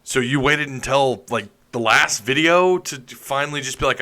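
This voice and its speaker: A man's voice: mid-range voice, moderate pace, bright, forceful tone. A man hosting a live stream, chatting casually, reading comments and joking sarcastically.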